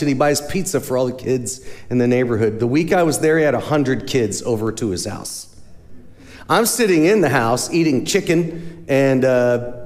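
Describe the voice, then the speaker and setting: A man speaking as a charity's guest speaker, telling stories in a lively sermon style and acting out the voices of the people he quotes. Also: a little high. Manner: animated storyteller, acts out quoted voices. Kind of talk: storytelling sermon talk. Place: church sanctuary. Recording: long hall reverb.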